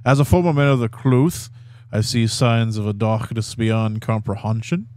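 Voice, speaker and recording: A man's voice: fairly low pitch, fairly even intonation, moderate pace, darkish tone, natural voice. A man voicing a grieving middle-aged male ex-priest reading his own letter, in a put-on Italian accent. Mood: sorrowful. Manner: reading aloud a dramatic letter, stumbling and laughing at times.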